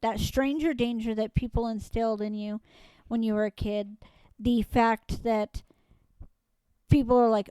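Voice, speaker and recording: A woman's voice: a little high, moderate pace, mellow, clear, resonant tone, no echo, poor audio. A woman co-hosting a casual podcast, stuffy from allergies, laughing often and swearing freely. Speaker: podcast co-host. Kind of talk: casual chat.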